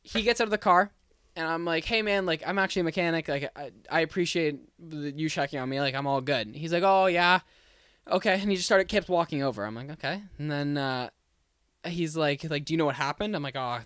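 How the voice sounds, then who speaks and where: A young man recounting a story on a casual podcast, voicing the people in it as he goes. His voice sits a little high. The sound is dry and close, with no room around it. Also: quick pace, clear, resonant tone, no echo. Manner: animated, acts out both sides of a conversation. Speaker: podcast co-host.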